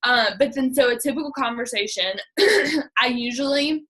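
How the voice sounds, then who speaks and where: Bright, chatty young woman. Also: sits high, expressive, normal speed. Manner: chatty and upbeat, filler-heavy with lots of "like". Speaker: direct sales team leader. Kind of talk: casual coaching talk.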